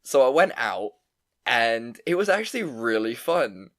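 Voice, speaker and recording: A man's voice: mid-range voice, a little slow. Tipsy, chatty young man co-hosting. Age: 20s. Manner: animated, laughs often, tipsy and rambling. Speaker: podcast co-host. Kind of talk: casual chat.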